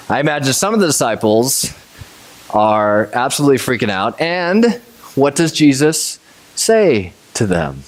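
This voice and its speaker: A man's voice: medium pitch, moderate pace. A man preaching a conversational sermon, telling the story with energy and acting out scenes. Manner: animated storytelling, acts out scenes, chuckles. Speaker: pastor.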